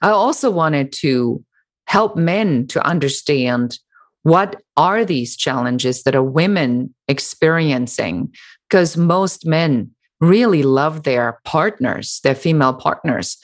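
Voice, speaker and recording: A middle-aged woman, an author and business founder, answering interview questions in an animated, emphatic way with sarcastic mimicry. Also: sits low, slow pace.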